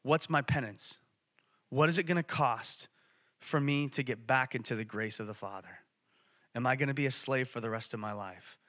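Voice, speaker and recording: A man's voice: mid-range voice, moderate pace, pitched below the performer's own voice, lightly acted. A man preacher voicing a fearful, humble sinner who doubts he can be forgiven. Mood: anxious. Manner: anxious, hushed, self-doubting.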